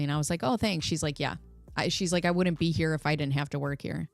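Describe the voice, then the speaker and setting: Woman from america chatting on her livestream, jokey, laughs a lot, dry close mic, soft music under it. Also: deep voice, fairly even intonation, fast, no echo. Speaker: livestream host. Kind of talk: casual livestream chat reading comments.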